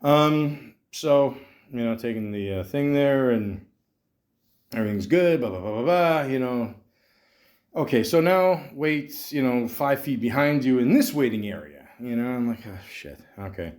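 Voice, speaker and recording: A man's voice: medium pitch, expressive, a little slow, darkish tone. A man in his thirties from Canada hosting a podcast, telling a rambling story with lots of fillers and casual swearing. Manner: casual, profane, meandering with many fillers. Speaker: podcast host.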